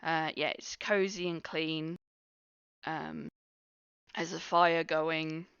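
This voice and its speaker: A woman narrating a tabletop game as game master, describing scenes in a relaxed way with many fillers. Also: sits low, takes it slowly, clear, resonant tone, no echo. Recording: muffled dry recording.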